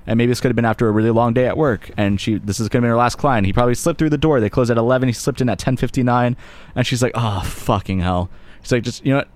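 A man's voice: medium pitch, steady tone, rapid-fire, darkish tone, no room sound. A young man co-hosting a casual podcast discussion, blunt and swearing freely as he argues his points. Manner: blunt, swears, quotes lyrics with emphasis. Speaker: podcast host.

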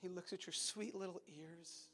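A man preaching a sermon, speaking tenderly and pleadingly, often dropping to a soft, quiet voice. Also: sits high, fairly even intonation, normal speed, soft background music. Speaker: pastor.

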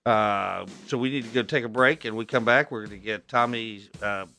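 A man's voice: on the low side, normal speed, bright, forceful tone, soft background music. Folksy male radio talk-show host. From Texas, US. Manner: folksy, chatty, chuckling.

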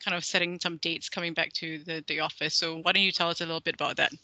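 A man hosting a podcast in casual chat, friendly and halting with many fillers and easy laughs. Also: fairly high pitch, flat delivery, vocal fry, bright, forceful tone, no echo. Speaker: podcast host. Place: office in Hong Kong.

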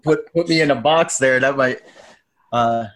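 A man in his forties talks as a podcast guest. He rambles and drifts onto tangents. He gets animated when he repeats what other people said. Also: medium pitch, measured pace. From United States. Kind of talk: casual storytelling interview.

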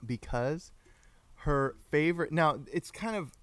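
A man's voice: a little high, lively intonation, unhurried, fairly bright tone, dry recording. A man hosting a casual livestreamed podcast, chatty and playful, greeting viewers by name. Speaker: podcast host.

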